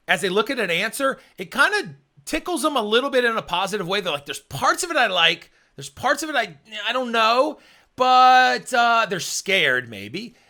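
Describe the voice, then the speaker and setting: A man coaching exam takers in an energetic tutorial, slangy and animated, acting out students' thoughts in quick asides. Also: high-pitched. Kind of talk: energetic tutorial talk to camera.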